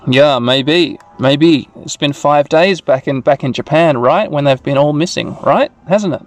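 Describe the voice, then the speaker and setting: A man's voice: on the high side, a little slow, no echo, soft background music. A man casually narrating a video game aloud, rambling and correcting himself with chuckling asides. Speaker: host reading a game aloud for sleep. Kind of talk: casual let's-play narration.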